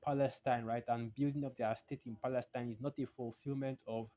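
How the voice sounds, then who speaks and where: A man's voice: medium pitch, fairly even intonation, brisk, warm tone. A man preaching in a solo video teaching, speaking emphatically, repeating phrases and raising his voice to read passages aloud.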